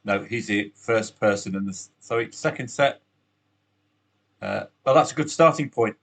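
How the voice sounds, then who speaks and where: A man's voice: on the low side, moderate pace, vocal fry, fairly bright tone. A man hosting a solo betting podcast, chatty and upbeat, with asides to the listener.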